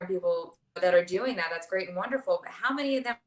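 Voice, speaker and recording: A woman in her forties, a hairstylist guest on a video call, speaking in an enthusiastic, agreeable way with quick affirmations. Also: fairly low pitch, animated, reverberant. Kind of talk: casual video chat interview.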